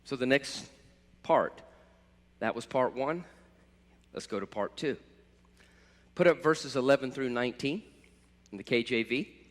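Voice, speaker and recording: A man preaching a sermon as pastor, impassioned, swelling to loud cries at times. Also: mid-range voice, a little slow, pauses often. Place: church sanctuary. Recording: church hall reverb.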